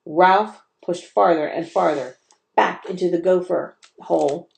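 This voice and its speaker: A woman, a teacher, reading a children's chapter book aloud in an expressive storytelling manner. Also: fairly low pitch, a little slow, creaky. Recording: roomy echo.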